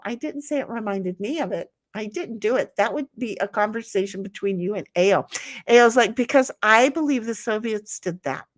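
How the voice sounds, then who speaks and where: A woman with a Southern US accent hosts a livestream and reads her chat aloud. Her voice sits a little high, and she rambles bluntly, swears casually and abandons sentences halfway through. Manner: chatty, blunt, swears freely, trails off mid-sentence. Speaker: livestream host reading chat.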